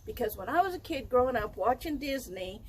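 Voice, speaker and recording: An older woman telling a personal story in an interview, lively and laughing often as she acts out dialogue. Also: fairly high pitch, brisk, a little hiss or hum, rough recording. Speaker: interview guest, wild animal trainer.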